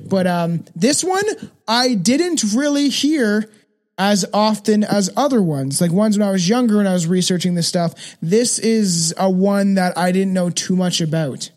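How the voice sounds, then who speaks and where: A man's voice: high-pitched, measured pace, a little mellow. A man hosting a podcast, rambling casually with lots of fillers and swearing. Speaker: podcast host. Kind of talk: casual chat.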